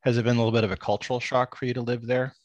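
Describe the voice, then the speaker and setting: An American man hosting a podcast in a casual, animated way. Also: medium pitch, racing, no room sound. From United States. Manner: animated storyteller, acts out quotes. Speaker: podcast host. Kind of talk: casual interview conversation.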